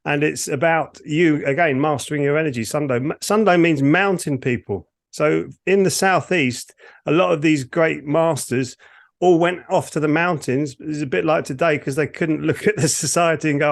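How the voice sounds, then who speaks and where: A man's voice: on the high side, moderate pace, vocal fry. A man from the United Kingdom, a Ki Gong teacher and podcast co-host, explaining his practice in a rambling, self-correcting way over a remote call.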